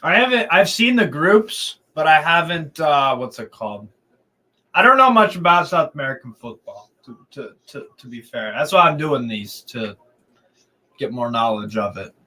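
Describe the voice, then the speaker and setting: A man with a bright, forceful voice, talking fairly high, calls a football match live for his stream. His play-by-play is excitable and chatty, broken up by easy banter with a friend. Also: moderate pace, rough recording. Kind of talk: casual live watch-along commentary.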